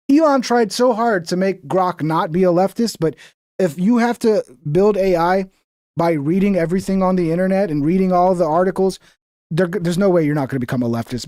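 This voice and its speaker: Male streamer, casual and profane, higher voice, dry close sound. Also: a little mellow, dry recording. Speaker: streamer reacting to clips. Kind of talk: casual reaction commentary.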